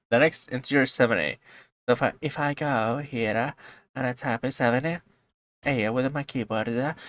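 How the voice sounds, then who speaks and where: A man giving a casual coding tutorial, explaining calmly and then breaking into loud, excited outbursts, with frequent swearing. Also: mid-range voice, no echo. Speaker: programming tutorial host.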